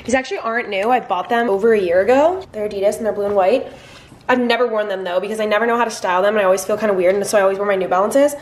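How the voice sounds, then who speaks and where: A woman's voice: medium pitch, racing. A young woman in her twenties from New Jersey, chatting to the camera in a rambling vlog style and saying "like" often. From New Jersey, USA. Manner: chatty, rambling, heavy use of "like". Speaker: vlogger. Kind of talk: casual vlog chat to camera.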